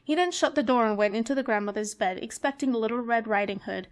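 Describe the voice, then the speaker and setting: A woman reads an old fairy tale aloud as a storyteller. Her pace is measured and even. Her voice sits somewhat high.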